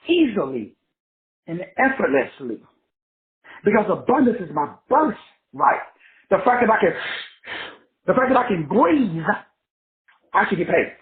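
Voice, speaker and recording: 60s man preaching casually, high lively voice, cussing, tinny audio in an echoey room. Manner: profane, animated, preachy. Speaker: spiritual teacher.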